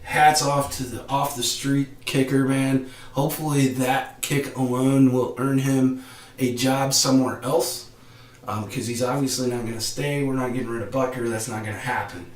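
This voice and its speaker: Excitable man chatting on a podcast stream. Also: mid-range voice, moderate pace. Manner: excitable, laughing, slangy. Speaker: podcast host. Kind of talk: casual live-stream sports chat. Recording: roomy echo.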